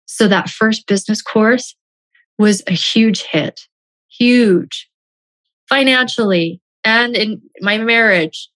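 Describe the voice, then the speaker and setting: A woman's voice: on the high side, takes it slowly, fairly bright tone. A woman telling a personal story as a motivational speaker, stressing her points by repeating key phrases.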